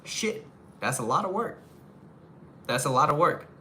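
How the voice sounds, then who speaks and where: A man's voice: a little high, very animated, unhurried, sharp tone, slight background noise. A man giving casual relationship advice to a live audience, talking frankly, swearing casually and repeating his phrases.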